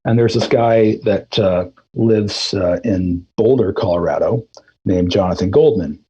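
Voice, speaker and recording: A middle-aged man, a throat singer, telling his story in a relaxed, rambling way during a casual interview, with many fillers and restarts. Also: on the low side, a little slow, muffled recording, slight background noise. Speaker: guest musician, throat singer.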